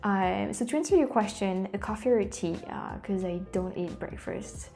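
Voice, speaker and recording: A woman's voice: mid-range voice, normal speed, creaky, a little mellow, faint music behind. A woman with a French accent, a native French speaker, chats casually as a video host, hesitating and restarting often. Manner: hesitant, many fillers and restarts. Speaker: YouTube host. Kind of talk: casual commentary.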